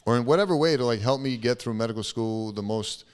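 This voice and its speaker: A young man hosts a casual solo podcast in a smooth, mid-range voice, talking fast. He rambles, swears and fills his speech with lots of fillers.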